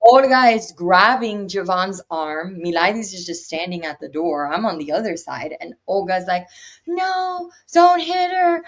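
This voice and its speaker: A young adult woman, an interview guest, retelling a personal story in an animated way and acting out what others said. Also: fairly low pitch, moderate pace, few pauses. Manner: animated retelling with acted quotes.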